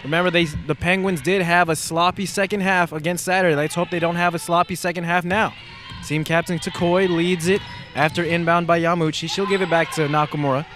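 A man calling live basketball play-by-play, excitable and rising to shouts on big plays. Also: fairly high pitch, brisk, soft background music. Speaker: play-by-play announcer.

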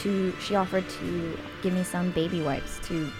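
Woman, guest, hesitant and giggly, slightly low voice, faint music behind. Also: steady tone, normal speed. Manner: hesitant, laughs often, restarts. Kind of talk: casual chat.

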